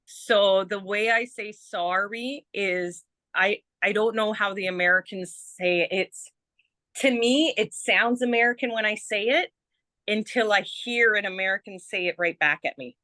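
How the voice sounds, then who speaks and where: A Canadian woman speaks slowly with a bright, forceful tone in a casual interview. She chats, laughs often and slips into quick impressions of others. Her voice sounds dry and close to the mic. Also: mid-range voice, no room sound. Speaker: guest. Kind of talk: casual chat.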